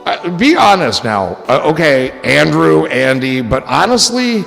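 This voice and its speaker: A man's voice: on the high side, sing-song, unhurried, creaky, few pauses, a bit bright, long reverb tail, faint music behind. A man hosting a livestream in casual chat, rambling and joking with a loose, swearing manner. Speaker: livestream host.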